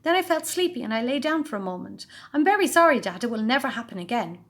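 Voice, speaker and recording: A woman's voice: a little high, sing-song, quick pace, a bit bright, pitched above the performer's own voice, full character voice. A woman voicing a whiny, goody-goody little boy who snivels and tattles, in a storybook reading.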